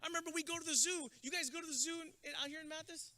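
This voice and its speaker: A man with a high, very bright and piercing voice gives a motivational graduation address. He tells personal stories with jokes and builds to loud, rousing calls to the crowd. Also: steady tone, rapid-fire. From San Antonio, Texas. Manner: storytelling with jokes. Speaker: graduation guest speaker. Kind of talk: motivational speech.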